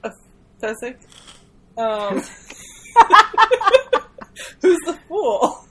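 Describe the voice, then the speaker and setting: A woman's voice: fairly high pitch, animated, extremely slow, warm tone, husky. A woman co-hosting a casual book podcast, playful and giggly. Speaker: podcast co-host. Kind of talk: casual chat.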